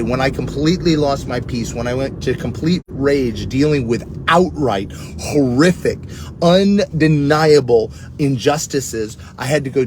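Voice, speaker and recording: A middle-aged man preaches earnestly about prayer in a conversational way, weaving in personal stories. A steady rumbling noise runs in the background.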